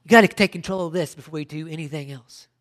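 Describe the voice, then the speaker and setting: A man's voice: a little high, quick pace, fairly bright tone. Middle-aged man, pastor preaching, emphatic, rhetorical questions, stop-and-start phrasing. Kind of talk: sermon.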